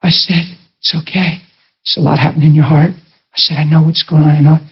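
A man's voice: a little high, little pitch movement, quick pace, vocal fry, breathy edge. A man preaching a sermon testimony, telling a story and acting out the dialogue, with emphatic rising peaks. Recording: dull lo-fi sound.

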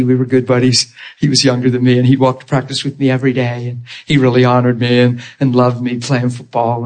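A man preaching a sermon, telling a personal story in an animated, laughing way and acting out the people in it. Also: medium pitch. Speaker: pastor. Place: church.

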